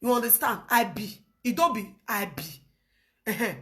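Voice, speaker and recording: Nigerian woman, live-stream commentator, high-pitched and animated, often laughing. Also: moderate pace. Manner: laughs often, lively storytelling. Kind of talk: casual commentary in Pidgin.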